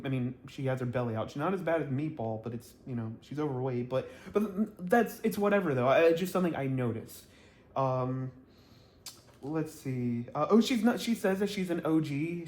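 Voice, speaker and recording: A man chatting to camera about a reality show, blunt and gossipy, rambling with lots of ums and quick laughs. His voice sits a bit high for a man. The sound bounces around an echoey room. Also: a little mellow. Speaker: reality TV reviewer. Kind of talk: casual vlog commentary. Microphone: camera mic, talking to camera.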